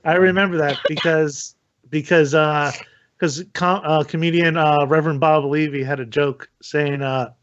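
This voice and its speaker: A man's voice: a little high, fairly even intonation, moderate pace, muffled recording. A man co-hosting a podcast, telling a story in blunt casual chat with many restarts. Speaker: podcast co-host.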